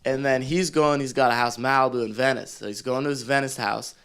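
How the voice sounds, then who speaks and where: A man in his twenties, a podcast guest, telling stories in a casual, animated way with laid-back slang and frequent laughs. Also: medium pitch, fast, clear, resonant tone. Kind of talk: casual storytelling.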